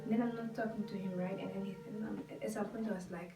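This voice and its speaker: A woman's voice: medium pitch, fairly even intonation, fast, few pauses. A young woman vlogger telling a personal story to camera, emphatic and heated, acting out the dialogue. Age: young adult. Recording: roomy, distant mic with guitar music behind.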